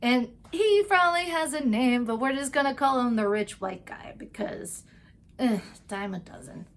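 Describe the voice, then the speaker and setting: Speaking in a high, expressive voice, a vlogger who does TV recaps and tarot gushes casually about episodes. Her chatter is full of "like" and "um," with brief asides where she performs the characters' lines.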